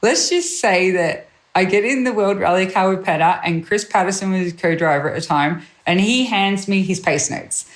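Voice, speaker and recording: A woman guest, a rally co-driver, telling stories in a chatty, animated way, acting out the voices of people she quotes and laughing often. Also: mid-range voice, normal speed, hardly any pauses. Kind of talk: animated anecdotal storytelling.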